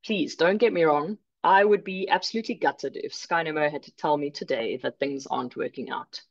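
A woman from South Africa presenting an online workshop, clear and measured with light humor. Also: sits low, dull audio.

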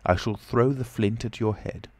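A man's voice: fairly low pitch, moderate pace, pitched above the performer's own voice, close to an everyday voice. A man voicing an impatient, commanding unseen stranger who speaks tersely and insistently, in a storybook reading. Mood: firm, insistent.

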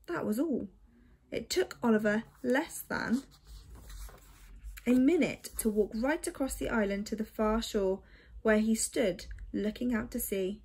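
A woman reading a children's story aloud in a measured, expressive way. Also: a little high, slightly rough.

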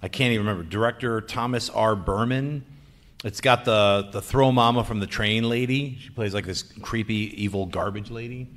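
A man's voice: lowish voice, normal speed, a bit bright. A man chatting casually as a guest on a convention stage panel, enthusiastic and profane, joking freely as he recommends things. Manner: enthusiastic, profane film buff who jokes freely.

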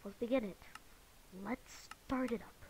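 A high-voiced woman narrating her own gameplay in an excitable, panicky way. She repeats the same words again and again and talks at an unhurried pace. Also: slight background noise. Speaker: gamer. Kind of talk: let's play commentary.

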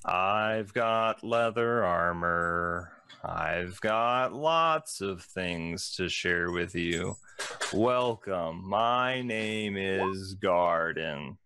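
A man voicing a slow, sarcastic male gnome shopkeeper with a drawn-out sales patter in a tabletop game. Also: low-pitched, pushed and bright, smooth, exaggerated voice. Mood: drawling salesy.

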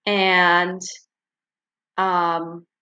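A woman's voice: lowish voice, little pitch movement, extremely slow, bright, forceful tone, highs cut off. A woman teacher walking students through their assignments in a recorded online class, explaining step by step and checking in with frequent "okay" and "right.".

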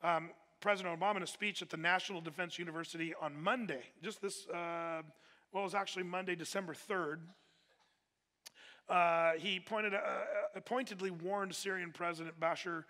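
A man's voice: sits high, fairly even intonation, moderate pace, pushed and bright. A man preaching a sermon in a casual, conversational way, with plenty of fillers and restarts. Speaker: pastor. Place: church hall. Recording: echoey hall with long reverb.

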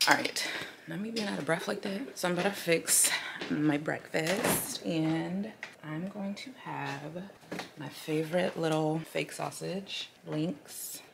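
A woman in a casual morning vlog at home, chatty and relaxed, with a froggy morning voice and sometimes dropping to a hush. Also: lowish voice, vocal fry, background noise. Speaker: vlogger. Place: at home, indoors.

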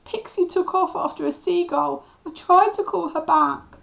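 A frightened young boy, crying and pleading in a high, strained voice, as a woman reading a children's novel aloud puts him on. The voice sits well above the reader's usual pitch and comes out loud and tearful. It is a storybook figure, read aloud. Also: measured pace, creaky, heavily acted. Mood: sobbing.

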